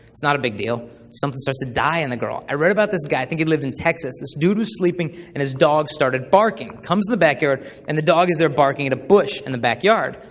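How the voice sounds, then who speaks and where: A young man giving a live talk to a crowd, telling stories with humor and acting out the people he quotes. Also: on the high side. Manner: humorous storyteller who acts out quoted voices. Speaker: speaker at a chastity talk. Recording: long hall reverb from a live talk.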